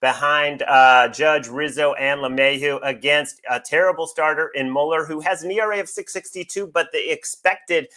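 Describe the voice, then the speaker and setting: A man giving baseball betting picks, confident and rattling off stats in quick succession. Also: on the high side, fairly even intonation, bright, forceful tone. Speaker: sports betting analyst.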